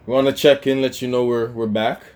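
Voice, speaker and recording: A man's voice: medium pitch, steady tone, a little fast, darkish tone. A man co-hosting a casual talk show, chatting loosely with lots of fillers and restarts. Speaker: podcast co-host. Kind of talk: casual chat.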